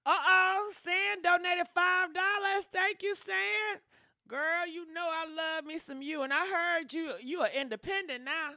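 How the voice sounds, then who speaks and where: A woman's voice: very high voice, measured pace, bright, forceful tone, no room sound, clean studio sound. A young woman hosting a gossip livestream, chatting casually and dramatically with viewers and thanking donors. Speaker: gossip channel host.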